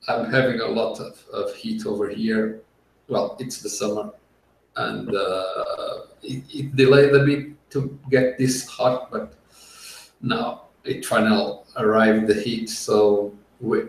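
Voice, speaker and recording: Slow-talking man hosting a podcast. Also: lowish voice, creaky. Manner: unhurried, explanatory, laughs easily. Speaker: podcast host. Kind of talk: casual tech podcast chat. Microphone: video call. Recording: echoey room, far from the mic.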